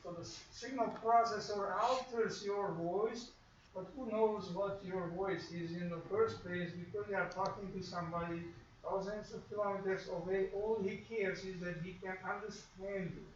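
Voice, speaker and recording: This high-pitched male instructor keeps a steady tone and moderate pace while lecturing a radio class, slipping into quoted asides to act out examples. Slight background noise sits under a dull, echoey recording made far from the microphone.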